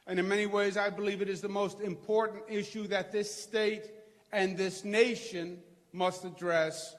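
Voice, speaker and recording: Brief: middle-aged man, Queens accent, high bright voice, rousing folksy rally speech, long hall echo. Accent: Queens New York. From New York. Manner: rousing, crowd-working, folksy. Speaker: governor giving a speech. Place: large hall before a crowd.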